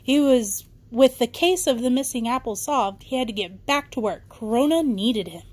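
A woman's voice: fairly high pitch, normal speed. Woman reading a bedtime story. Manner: warm reading with small slips and restarts.

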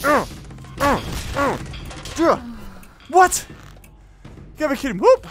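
A gaming video host giving excitable, casual let's-play commentary, full of exclamations and bursts of laughter. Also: sits high, takes it slowly.

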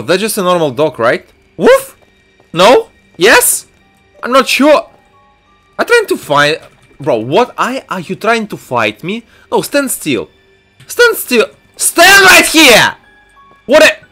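A young adult man giving excitable, jumpy let's-play commentary full of shouts and exclamations. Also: high voice, slow pace, long pauses, soft background music. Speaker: gaming YouTuber.

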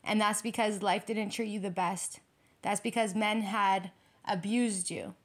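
A woman's voice: medium pitch, fairly even intonation, measured pace. Blunt, profane woman tarot reader. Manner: blunt and profane, repeats phrases for emphasis; breaks into laughter. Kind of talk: casual tarot reading to camera.

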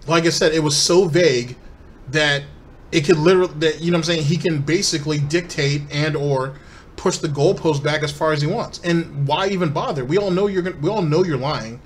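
A man hosting a reaction-commentary show. His voice sits a little high, and he talks in a sarcastic, mocking way, breaking into scornful asides and speaking straight to his audience. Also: a little fast, a little hiss or hum. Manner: sarcastic and mocking, addresses viewers. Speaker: commentary channel host.

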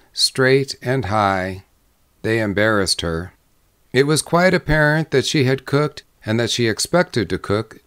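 A man reading a short story aloud as an audiobook narrator, with measured pacing that slows on descriptive lists. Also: medium pitch, clean tone. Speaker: audiobook reader. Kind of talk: scripted narration.

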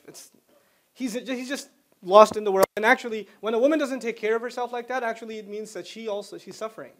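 Casting note: male Islamic lecturer with a high voice, chatty storytelling, quick Arabic recitation. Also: a bit bright. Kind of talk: Islamic lecture to a student audience.

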